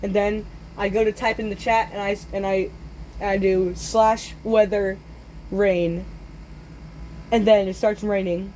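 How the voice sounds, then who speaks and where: Animated teenage boy telling a story. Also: high-pitched, slight background noise, rough recording. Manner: animated, jumps into yelled character voices. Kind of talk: casual storytelling video.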